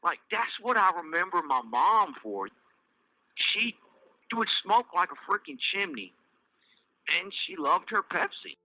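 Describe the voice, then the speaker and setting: Halting Southern man, bright and dry. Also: high voice, very animated, dry recording, poor audio. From Virginia. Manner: loose, halting, many fillers and restarts. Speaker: podcast host telling his life story. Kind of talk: casual personal storytelling.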